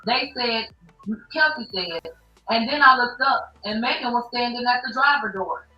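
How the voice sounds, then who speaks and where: A woman's voice: a little high, normal speed, lo-fi sound. A woman hosting a casual news commentary, recapping courtroom testimony with blunt, profane, sarcastic asides. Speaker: commentary show host. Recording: echoey room, distant mic, faint music.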